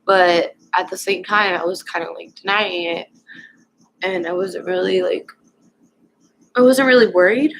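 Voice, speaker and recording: A young woman vlogger casually telling a personal story at home, rambling and halting with lots of fillers. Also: on the low side, steady tone, gravelly, fairly bright tone, slight background noise, low-quality recording.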